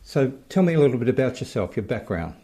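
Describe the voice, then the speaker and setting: A man's voice: medium pitch, fast. A man with an Australian accent hosting a show, chatting to listeners and interviewing a guest. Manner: chatty, relaxed, talks straight to listeners. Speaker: podcast host and interviewer. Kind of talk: casual introduction and interview.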